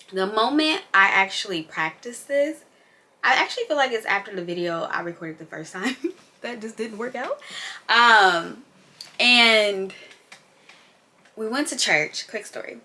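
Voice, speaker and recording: A woman's voice: fairly high pitch, bright, forceful tone. A young woman vlogger and mom in an unscripted casual chat, candid and emphatic, rambling as she goes.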